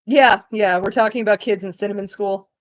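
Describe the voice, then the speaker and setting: A woman's voice: medium pitch, steady tone, a little fast, lo-fi sound. A woman from Canada, chatting casually with her stream viewers and swearing freely, her talk full of "like". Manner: profane, rambling, fillers of "like".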